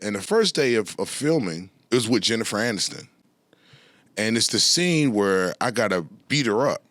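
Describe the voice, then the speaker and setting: A middle-aged man talking as a podcast guest, telling animated stories, laughing often and swearing freely. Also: lowish voice, normal speed, no echo. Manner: laughs often, swears freely, repeats "you know what I'm saying". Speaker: guest musician and actor. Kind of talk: animated storytelling in casual chat.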